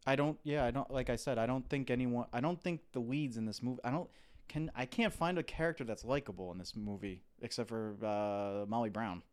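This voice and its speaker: Smooth-voiced man agreeing on a podcast. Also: mid-range voice, a little fast, darkish tone. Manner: agreeable, mostly brief backchannel replies. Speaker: podcast co-host. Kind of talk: casual film review chat.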